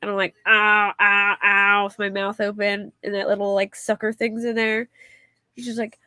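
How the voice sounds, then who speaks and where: A woman's voice: mid-range voice, level tone, brisk, fairly bright tone, dry recording. A woman hosting a casual livestream, chatting in a rambling way and reading viewer comments aloud. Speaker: livestream host.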